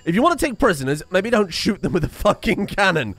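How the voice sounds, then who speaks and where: A man's voice: fairly high pitch, lively intonation, normal speed, a bit bright, faint music behind. A man from the West Country of England with a West Country accent, giving casual, joking let's-play commentary and swearing freely. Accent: West Country English. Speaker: game streamer.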